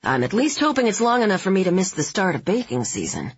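Woman reading as a joking husband, tough-guy banter, husky low tone, dry muffled read. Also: sing-song, fast talker, no room sound. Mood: wry joking. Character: easygoing husband on a delayed flight, man.

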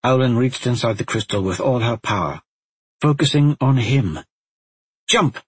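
A man calmly narrating a fantasy story in a steady, even storytelling manner. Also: mid-range voice, moderate pace, breathy edge, no room sound. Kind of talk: audiobook narration.

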